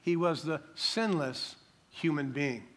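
An older man preaching a sermon as pastor, emphatic, slowing down to stress key words. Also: on the high side, a bit bright.

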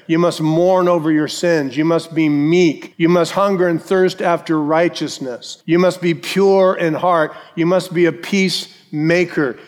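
A man preaching a sermon to his congregation, emphatic, repeating key phrases and slowing down to stress them. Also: fairly high pitch, steady tone. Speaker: pastor. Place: church sanctuary. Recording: long reverb of a church hall.

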